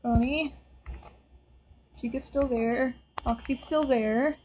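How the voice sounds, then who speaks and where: A woman's voice: high-pitched, steady tone, slow pace, darkish tone, a little hiss or hum, rough recording. Nervous woman playing a scary game. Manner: nervous, talks to the game characters. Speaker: gameplay video host. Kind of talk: casual let's-play commentary.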